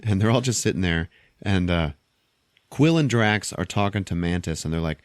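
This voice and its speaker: A man with a fairly low voice runs through a film's plot for his podcast, loose and offhand, dropping the odd swear. He is close on the mic in a dry room with no echo. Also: lively intonation, normal speed. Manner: offhand, profane retelling. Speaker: podcast host. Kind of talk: casual movie recap.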